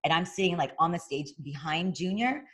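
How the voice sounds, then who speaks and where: Low-voiced woman telling a story. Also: a little fast, breathy edge. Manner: lively storyteller who acts out quoted voices; frequent fillers and restarts. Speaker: boxing broadcaster and interview guest. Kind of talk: casual interview chat.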